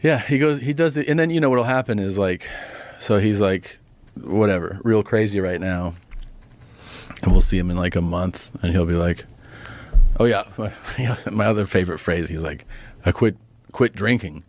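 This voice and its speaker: A man's voice: deep voice, normal speed, a little mellow. A man on a podcast telling rambling anecdotes in casual chat and acting out the quotes. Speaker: podcast guest.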